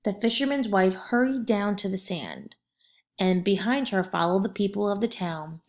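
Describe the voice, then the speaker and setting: A woman narrating a children's storybook aloud in a steady, expressive way. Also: mid-range voice, normal speed.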